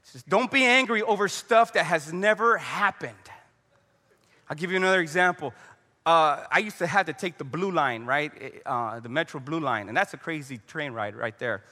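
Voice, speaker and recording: Bright-voiced man preaching in a reverberant hall. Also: on the high side, lively intonation, normal speed. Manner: conversational preaching with storytelling and prayer. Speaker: pastor. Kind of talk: sermon.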